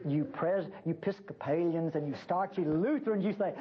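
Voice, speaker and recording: A woman's voice: brisk, slight background noise. An older woman preaching a sermon in a church, emphatic, folksy and teasing. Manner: emphatic, folksy and teasing, with lively pitch swings. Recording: dull lo-fi recording.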